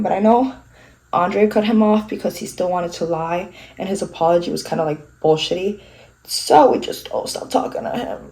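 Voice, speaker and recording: A young beauty vlogger chats casually in her living room while doing her makeup for a get-ready-with-me video. Her mid-range voice is warm but recorded with poor audio, and she sounds a bit stuffy from a coming cold. She is candid and self-mocking, swearing freely.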